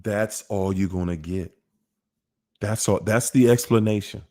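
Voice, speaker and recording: A man's voice: on the low side, unhurried, a little mellow. A man, hosting a casual monologue about relationships in an emphatic, repetitive, preachy way. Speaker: host.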